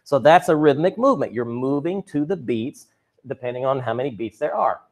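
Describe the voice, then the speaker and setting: A man's voice: medium pitch, animated, fairly quick. A man teaching a drama and chorus class over a video call, chatty and upbeat, with joking asides to his students. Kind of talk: virtual class lesson. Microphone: computer mic on a video call.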